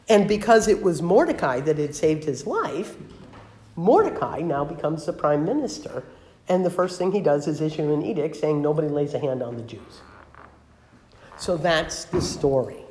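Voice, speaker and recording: An older woman pastor giving a sermon, retelling a Bible story with acted-out voices and sometimes dropping to a soft, hushed tone. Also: low voice, roomy sound. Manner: drops to a soft, hushed voice for emphasis.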